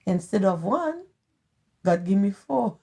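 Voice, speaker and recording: A middle-aged Haitian woman with a Haitian accent, talking earnestly and haltingly as a guest in a family interview. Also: mid-range voice, big pitch swings, vocal fry, dark tone. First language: Haitian Creole. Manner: earnest, halting, repeats phrases. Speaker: guest, host's mother.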